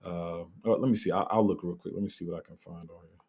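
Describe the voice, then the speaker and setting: Low-voiced man casually reading live chat. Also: steady tone, fast talker, darkish tone, husky. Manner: loose, candid, trails off while looking things up. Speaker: crypto livestream host.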